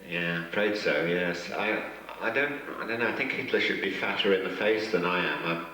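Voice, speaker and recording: A man with a low voice, heard from across an echoey hotel function room as he answers questions. He tells rambling, self-mocking stories and chuckles at his own jokes. The sound is distant, with heavy reverb from the hall. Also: normal speed, sharp tone. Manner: rambling, joking anecdotes with chuckles. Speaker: guest actor at a fan convention. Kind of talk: convention Q&A storytelling.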